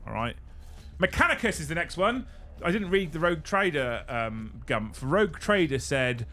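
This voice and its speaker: A young British man hosting a live stream, excitable and swearing casually as he runs giveaways. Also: a little high, moderate pace. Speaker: livestream host.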